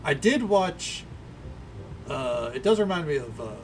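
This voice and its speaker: A man's voice: on the high side, sing-song, unhurried, slight background noise. A man, chatting casually and rambling while he streams a game. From American South. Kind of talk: casual livestream commentary.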